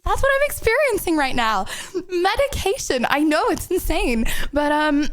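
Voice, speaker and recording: A woman's voice: high voice, very animated, measured pace. A young woman streamer chatting casually and giggling with her viewers while recovering from an illness, with many fillers. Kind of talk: casual live-stream chat.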